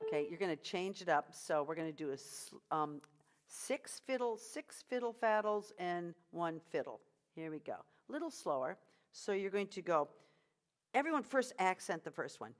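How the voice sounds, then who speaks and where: A woman leading a choir rehearsal as vocal coach, giving encouraging instructions between high sung drills. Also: animated, normal speed.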